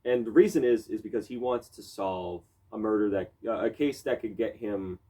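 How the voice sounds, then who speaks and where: A man's voice: fairly low pitch, normal speed, warm tone. A man hosting a podcast in casual chat, loose and profane, who acts out character lines as he goes. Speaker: podcast host.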